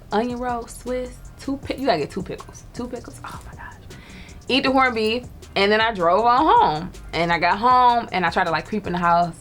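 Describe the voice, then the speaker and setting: A woman tells a personal story in a relaxed, chatty way. She laughs often and acts out other people's lines as she goes. Faint music plays underneath. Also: fairly high pitch. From Detroit. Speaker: storyteller guest. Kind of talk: casual storytelling.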